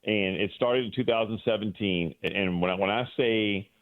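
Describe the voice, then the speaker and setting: Excitable man on a tinny phone line. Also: fairly low pitch, normal speed, no echo. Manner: emotional, rambling storyteller with many restarts. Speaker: sports broadcaster guest. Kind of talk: casual radio interview.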